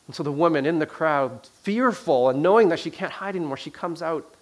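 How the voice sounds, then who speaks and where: A man telling a personal story in a sermon. He swings between loud emphasis and hushed, quiet passages, and he often repeats words and restarts his sentences. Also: fairly high pitch, fairly quick, few pauses.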